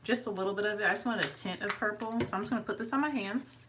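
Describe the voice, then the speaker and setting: A woman's voice: rapid-fire, recorded from a distance, heavy background noise. A woman talking casually through her hair routine as a vlogger, chatting along as she works. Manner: chatty, talks to her dog in a high sweet voice. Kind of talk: casual hair tutorial chat.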